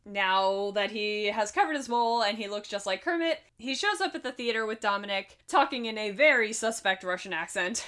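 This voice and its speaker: A woman's voice: medium pitch, expressive, a little fast, hardly any pauses, a bit bright, smooth. A woman co-hosting a podcast, breezily recapping a film plot with frequent laughs and swearing. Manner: breezy, profane, laughs often. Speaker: podcast co-host. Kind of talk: casual movie recap chat.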